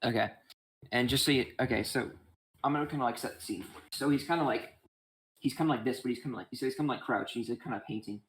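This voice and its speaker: A man narrating as game master in a rambling, halting way with many restarts. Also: medium pitch, breathy edge.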